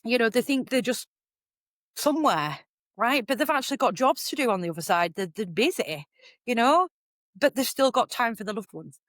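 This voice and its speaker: A woman's voice: fairly high pitch, moderate pace, no room sound, clean studio sound. Chatty woman telling stories. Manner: animated storyteller, lively and chatty. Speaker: guest, psychic medium and healer. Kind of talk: casual podcast conversation.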